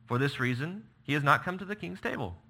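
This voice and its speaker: Man doing a young prince, pleading, high strained voice, very bright. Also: expressive, brisk, vocal fry, husky, heavily acted. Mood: earnest. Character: young prince pleading for his friend, male.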